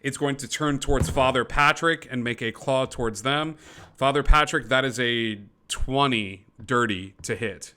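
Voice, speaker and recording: Game master, male, bright tone, rambling descriptive narration with frequent fillers. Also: medium pitch, moderate pace, clear, resonant tone. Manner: descriptive, with many fillers and restarts. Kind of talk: narrating a tabletop game over a call.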